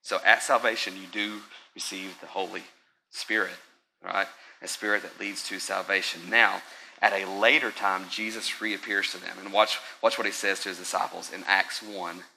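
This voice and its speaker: Speaking in a low register with some vocal fry, this male pastor preaches in a conversational way, often addressing the congregation directly. He alternates soft, slow moments with loud, animated ones, and the poor-quality audio has slight background noise.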